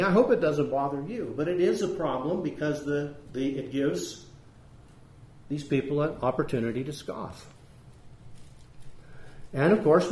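A man's voice: a little high, a little mellow, reverberant, rough recording. A man teaching a church Bible class, earnest and conversational, reasoning aloud with rhetorical questions.

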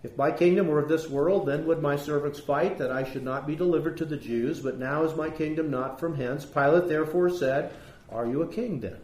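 Male preacher, emphatic sermon delivery, a touch high, echoey space. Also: brisk, darkish tone. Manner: earnest, emphatic, rising on key points. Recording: roomy echo.

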